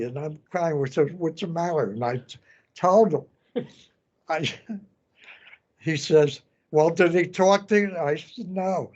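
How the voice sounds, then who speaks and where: An elderly man in his nineties, a veteran telling his story in an oral history interview, halting and repeating words as he goes. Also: on the high side, darkish tone, muffled recording. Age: 90s. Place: veterans center room.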